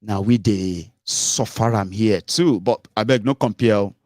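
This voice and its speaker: A middle-aged man with a Nigerian accent giving casual political commentary from home as a show host, animated and full of rhetorical questions, slipping into pidgin and leaping up in pitch. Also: measured pace, no room sound, studio quality. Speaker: radio and online show host.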